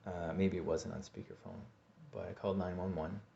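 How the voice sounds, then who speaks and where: Male vlogger, low register, halting personal storytelling with repeated words, muffled lo-fi sound. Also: little pitch movement, gravelly, warm tone, slight background noise. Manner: halting, repeats words, acts out his own pleas. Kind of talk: personal story told to camera. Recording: dull lo-fi recording.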